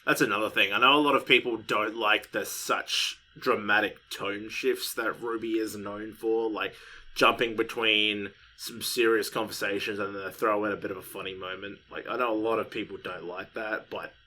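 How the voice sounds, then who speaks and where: A young man co-hosting a casual podcast, rambling, animated and swearing freely as he talks. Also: on the low side, normal speed. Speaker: podcast co-host.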